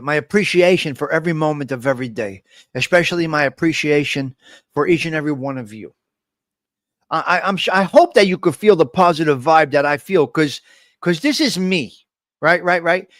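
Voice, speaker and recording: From a desk microphone, a man with a slightly high, a bit bright voice hosts a relaxed, jokey live stream, calling out his viewers by name again and again. The recording is dry and up close, with no echo from the room.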